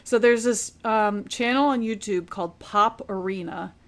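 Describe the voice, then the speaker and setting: A woman's voice: mid-range voice, moderate pace. A woman casually recapping a book on a podcast, chatty and laughing often. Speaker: podcast co-host.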